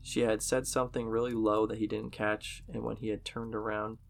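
A man's voice: on the low side, level tone, moderate pace, vocal fry. A man casually narrating a horror story in a profane, conversational way.

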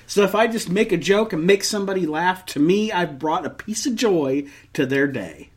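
A man's voice: sits high, normal speed, hardly any pauses, husky. A man co-hosting a podcast in casual chat, ranting and swearing freely, often restarting sentences and joking at his own expense. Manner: many restarts and trailing off. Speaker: podcast co-host.

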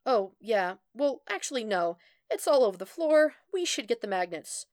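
A woman performs a harried young office worker in a storybook. She is rushed and apologetic, her voice raised well above the reader's own. The sound is close and dry. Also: fairly high pitch, sing-song, no room sound, voice pushed up. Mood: rattled.

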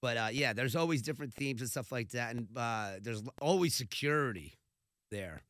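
A man telling stories in a casual chat, animated and laughing, acting out quotes along the way. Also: mid-range voice, moderate pace, no echo, studio quality. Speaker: radio host and podcast guest.

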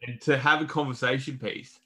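A man's voice: mid-range voice, steady tone, fairly quick, bright, forceful tone. A young Australian man co-hosting a podcast, chatting casually and bluntly about sport, with a bit of swearing and lots of restarts. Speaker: podcast co-host.

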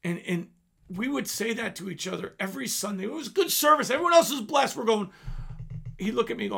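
A man's voice: sits high, sing-song, a little fast, gravelly, a bit bright, breathy edge. A man in his fifties preaching an earnest sermon, dropping at times to near-whispers. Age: 50s. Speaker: pastor.

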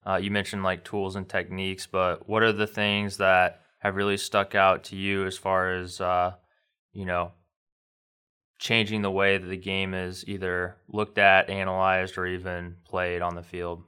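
A man's voice: low-pitched, monotone, a little slow, sharp tone, clean tone. A man co-hosting a podcast, asking long loose questions. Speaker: podcast co-host. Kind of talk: interviewer questions.

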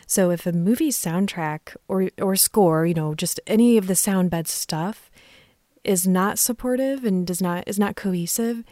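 A woman's voice: lowish voice, mellow, no room sound, studio quality. A woman co-hosting a podcast, chatting casually about films and laughing easily. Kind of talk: casual film chat.

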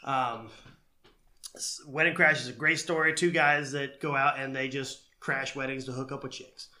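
A man's voice: mid-range voice, steady tone, normal speed, bright, forceful tone. A man co-hosting a casual podcast chat who laughs often and acts out quoted lines. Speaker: podcast co-host.

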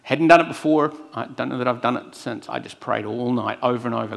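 Gravelly-voiced male pastor preaching. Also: medium pitch, brisk. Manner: earnest storytelling, swinging from hushed to emphatic. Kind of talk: sermon with personal testimony.

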